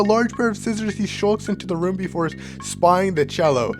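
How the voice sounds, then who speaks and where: A young man reading a story game aloud, reacting with excited outbursts and laughter. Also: high voice, normal speed, hardly any pauses, faint music behind. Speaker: gamer playing a story game.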